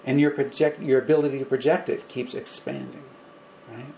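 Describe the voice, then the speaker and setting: A man leads an informal spiritual lecture for a small group. His voice sits at an ordinary middle pitch, and he talks gently, often repeating words. There is a faint hiss of background noise behind him. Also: brisk, poor audio. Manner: gentle, repetitive, animated when acting out examples. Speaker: spiritual teacher.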